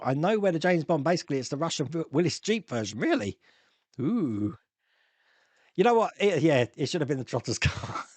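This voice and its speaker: A man's voice: fairly high pitch, no echo. Chatty man rambling on a live stream. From Australia. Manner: rambling, chatty, restarts and chuckles often. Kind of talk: casual live-stream chat reading viewer comments.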